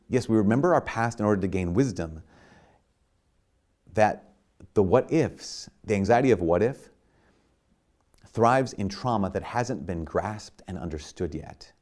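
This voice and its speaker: A man's voice: lowish voice, expressive, moderate pace, a little mellow. A man, a priest, giving a sermon in a conversational way, full of restarts and "like", at times rising to emphatic bursts.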